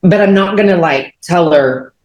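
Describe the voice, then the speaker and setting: Low-voiced woman telling her testimony. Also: moderate pace. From Texas. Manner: animated storyteller, many fillers, acts out quotes. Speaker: guest. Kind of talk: telling a personal faith testimony. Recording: roomy echo.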